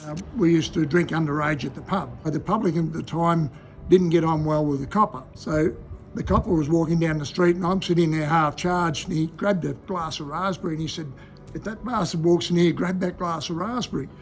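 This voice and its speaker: A man's voice: a little high, a little fast, soft background music. An older man with an Australian accent, telling cheeky local anecdotes in a laconic, chuckling way. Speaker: local storyteller. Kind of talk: casual yarn-telling.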